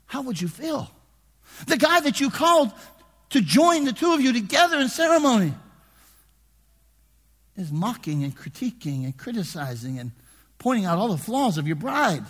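A man preaching a sermon in a conversational way, dropping to hushed asides and rising to shouted emphasis. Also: very high-pitched, in a large hall. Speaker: pastor.

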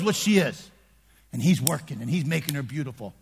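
A man preaching in a church, his slightly husky voice swinging widely in pitch as he moves from quiet asides to shouted emphasis. His words ring out with a long reverb through a large hall. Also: animated, fast talker. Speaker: pastor. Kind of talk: sermon.

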